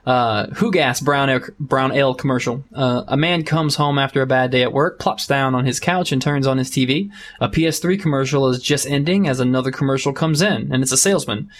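A man's voice: mid-range voice, a little fast. A man co-hosting a casual podcast, reading listener-written commercial scripts aloud, doing light voices and often laughing.

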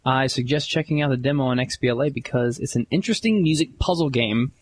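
A man's voice: medium pitch, quick pace. Jokey man reading listener emails. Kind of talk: casual chat and reading aloud.

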